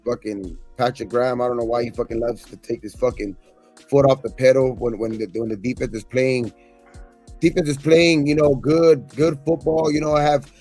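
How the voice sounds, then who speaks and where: A man's voice: mid-range voice, steady tone, normal speed, darkish tone, faint music behind. A man co-hosting a sports podcast, ranting in a casual, frustrated way with constant swearing and repeated words. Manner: frustrated, profane, repeats himself. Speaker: podcast co-host. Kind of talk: casual postgame rant.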